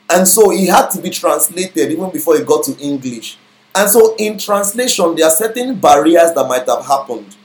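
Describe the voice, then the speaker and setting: A man with a high, light voice delivers a teaching sermon, stopping to explain each phrase and reading verses out slowly. The sound carries a strong room echo. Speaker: pastor. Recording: echoey room.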